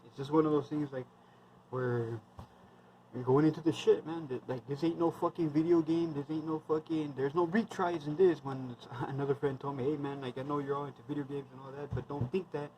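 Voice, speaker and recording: A man's voice: a little high, fairly even intonation, a little fast, dark tone, a little hiss or hum, poor audio. Blunt, foul-mouthed man in his thirties. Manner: heavily profane, rambling, blunt. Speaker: military veteran vlogger. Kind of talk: casual storytelling monologue.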